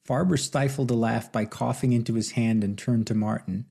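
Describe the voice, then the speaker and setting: A man narrating an audiobook novel with steady, measured storytelling. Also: mid-range voice, vocal fry, slightly rough. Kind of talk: scripted narration.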